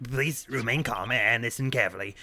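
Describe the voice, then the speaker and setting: A man's voice: medium pitch, fairly quick, a crowd in the background, close to an everyday voice. A man voicing a nervous, stammering male officer making an announcement in a video game. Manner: hesitant, stammering.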